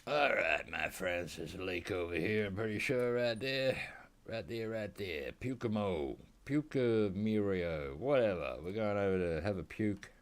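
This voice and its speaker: Australian male streamer, low voice, chatty and joking, gameplay commentary. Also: lively intonation, a little slow. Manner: joking, chatty, talks to the animals on screen. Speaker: gaming streamer.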